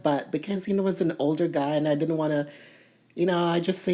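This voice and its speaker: Indignant woman, lowish voice. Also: fairly quick. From Toronto, Canada. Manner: animated, indignant, many "you know" fillers. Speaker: vlogger. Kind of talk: casual storytelling to camera.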